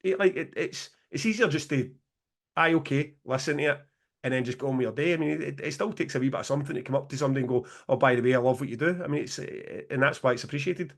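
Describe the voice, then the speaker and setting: Fast-talking Scottish man, sweary and laughing. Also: fairly high pitch, gravelly. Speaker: podcast co-host. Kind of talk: casual chat over a video call. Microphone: video call.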